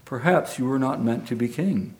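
A gentle mother speaking slowly and soothingly, voiced by a man reading a story aloud. The voice is of middling pitch and plain, with no attempt to sound higher. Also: a little hiss or hum, close to an everyday voice. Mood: tender. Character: gentle comforting mother of a boy.

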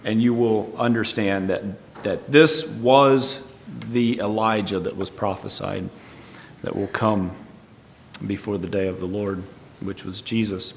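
A man's voice: on the low side, fairly even intonation, measured pace, gravelly, a little hiss or hum. A man preaching a Bible teaching sermon, explaining verse by verse in a thoughtful, tentative way. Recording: long reverb.

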